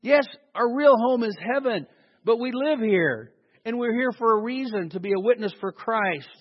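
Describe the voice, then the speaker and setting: A man preaching a sermon as pastor, animated and sarcastic, with mocking asides to the congregation. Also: extremely high pitch, moderate pace, big-room sound, lo-fi sound.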